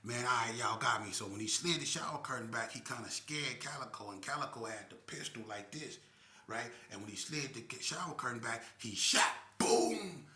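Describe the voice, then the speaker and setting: A man spins a crime story in casual slang, acting out gunshots and blows with vocal sound effects. His voice is very bright and forceful. The recording has a roomy echo. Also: mid-range voice, lively intonation, moderate pace. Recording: echoey room.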